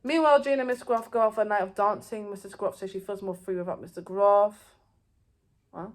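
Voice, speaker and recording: A woman's voice: medium pitch, fairly even intonation, brisk. Rambling woman recapping a show. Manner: rambling, loose, many fillers and restarts. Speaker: TV show reviewer. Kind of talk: casual episode recap.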